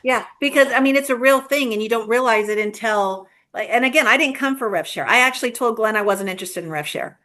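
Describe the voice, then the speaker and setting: A woman's voice: fairly high pitch, fast, hardly any pauses, bright, forceful tone. A woman guest in a conversational interview, telling stories earnestly with frequent restarts. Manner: earnest, storytelling with repeated starts. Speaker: guest, real estate agent leader.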